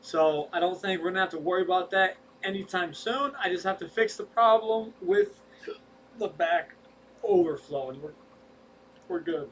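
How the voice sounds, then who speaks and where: His voice is high with a fairly bright tone, moving at normal speed, and the audio is poor and distant, with faint noise behind him. He's a co-host of a fish rescue livestream, chatting casually, rambling, restarting often, and stretching stressed words.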